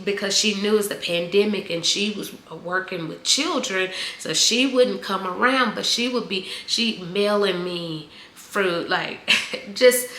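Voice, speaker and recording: A woman in her forties telling a heartfelt personal story, halting with many fillers and close to tears at times. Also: mid-range voice, a bit bright. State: emotional, near tears. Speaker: vlogger. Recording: echoey room, faint background noise.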